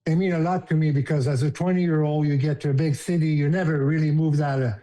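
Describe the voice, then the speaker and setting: A man's voice: fairly high pitch, fairly even intonation, fast, dark tone. A man in his fifties with a French accent tells stories in a casual, emotional way. He laughs easily and his voice rises when he acts out other people's lines. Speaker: guest, former hockey player. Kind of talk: casual storytelling.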